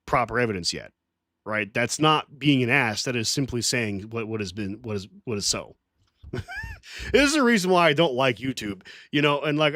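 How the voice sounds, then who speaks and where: A man's voice: mid-range voice, fairly bright tone, dry recording, clean studio sound. A man hosting a casual livestream, talking to his chat in a rambling, defensive way and swearing often. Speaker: livestream host.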